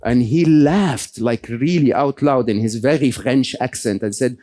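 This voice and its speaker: A man's voice: mid-range voice, big pitch swings, unhurried, few pauses, darkish tone. A man giving a conversational motivational talk to a live audience, often checking in with "okay?" and "right?". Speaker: keynote speaker.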